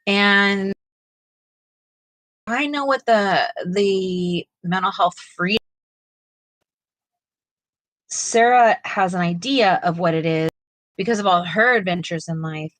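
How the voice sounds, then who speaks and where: A woman's voice: medium pitch, slow, a bit bright, no echo, rough recording. A middle-aged woman co-hosting a live art stream, chatting casually and rambling with lots of fillers and restarts. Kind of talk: casual chat while painting.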